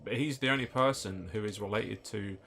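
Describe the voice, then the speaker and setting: A man's voice: on the low side, moderate pace, gravelly, pushed and bright, soft background music. A man co-hosting a let's-play, joking and swearing as he riffs at length over the game. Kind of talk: casual gameplay commentary.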